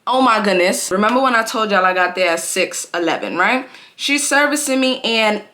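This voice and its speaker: A woman's voice: medium pitch, expressive, normal speed, pushed and bright. A young woman in a casual storytime vlog, with a mid-range voice for a woman. She talks in a loose, slangy way and fills her sentences with "like" and "bro". She sounds like she is chatting straight to her viewers. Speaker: vlogger.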